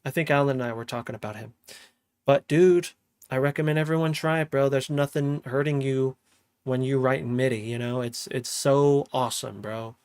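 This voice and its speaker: A young man chatting casually on a livestream as he makes music, slangy and relaxed, often laughing. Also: medium pitch, moderate pace, smooth, no room sound, clean studio sound. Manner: laid-back, slangy, laughs often, talks while working. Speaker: music producer streaming. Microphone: studio microphone.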